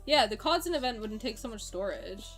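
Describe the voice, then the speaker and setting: Chatty, excitable woman streamer. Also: on the high side, brisk, faint music behind. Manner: chatty and excitable, swears freely, laughs often. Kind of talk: casual live-stream chat, reacting to viewer comments.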